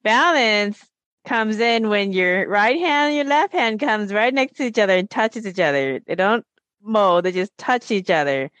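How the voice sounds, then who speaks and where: A woman with a mid-range voice who talks slowly through spiritual ideas, circling back to repeat her main points. Her voice is recorded close and dry. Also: medium pitch, lively intonation, fairly bright tone, dry recording. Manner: reflective, repeats phrases for emphasis. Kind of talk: casual spiritual conversation.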